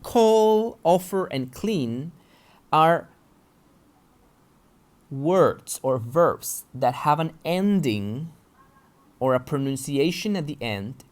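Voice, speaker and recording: A man's voice: a little high, lively intonation, takes it slowly, pauses often. A man teaching an English pronunciation lesson, patiently explaining and checking that his students follow along. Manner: patient, checks understanding with "yeah?".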